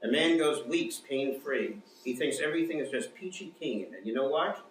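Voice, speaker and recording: A man's voice: mid-range voice, expressive, normal speed, distant mic, a little hiss or hum, natural voice. A man voicing a brusque, erratic middle-aged male dentist who talks bluntly and ominously, read aloud in a storytelling performance. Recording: echoey room, mic from afar.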